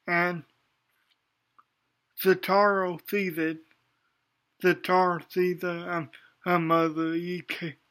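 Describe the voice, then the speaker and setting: A man's voice: high voice, flat delivery, takes it slowly, pauses often, a bit bright. A man giving a casual spoken anime review, hesitant, with many ums and restarts.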